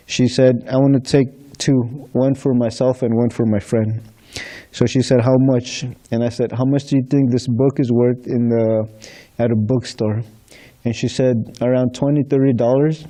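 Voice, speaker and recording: Very mellow-voiced man telling stories. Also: mid-range voice. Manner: acts out dialogue, chuckles between stories. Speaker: book distributor sharing experiences. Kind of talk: casual anecdotal storytelling to a congregation.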